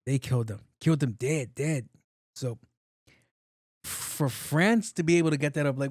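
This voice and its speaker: A man's voice: on the high side, moderate pace, long pauses, darkish tone, no echo, clean studio sound. A man in his late thirties hosting a solo podcast, talking loosely and with lots of swearing, and he often repeats himself. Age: 30s. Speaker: podcast host. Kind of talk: casual solo podcast commentary.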